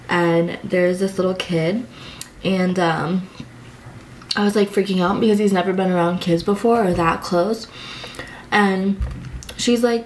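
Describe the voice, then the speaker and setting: A woman's voice: mid-range voice, a little hiss or hum, rough recording. A young adult woman chatting casually for a food vlog, telling a rambling story full of fillers. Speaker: food vlogger. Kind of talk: casual eating vlog chat.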